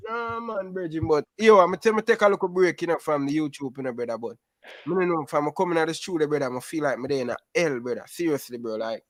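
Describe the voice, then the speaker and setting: A man's voice: a little high, fast, no echo, clean studio sound. A man calling in to a fan show, talking animatedly and calling everyone brother. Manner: animated, patois-laced, calls everyone brother. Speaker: caller. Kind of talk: casual phone-in chat.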